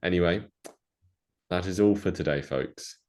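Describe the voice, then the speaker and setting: A very deep-voiced young man co-hosting a podcast. He chats loosely and jokes around, with a rambling, playful delivery. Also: moderate pace, a little mellow, clean tone. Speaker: podcast co-host. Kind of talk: casual chat.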